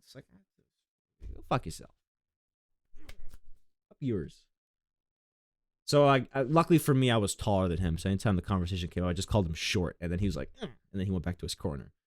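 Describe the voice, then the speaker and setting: A man's voice: rapid-fire, few pauses, darkish tone, no room sound, studio quality. A young man from Long Island chatting casually and crudely on a game stream, rambling through jokes and tangents. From Long Island, New York. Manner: rambling, crude, jokey, with sudden high outbursts.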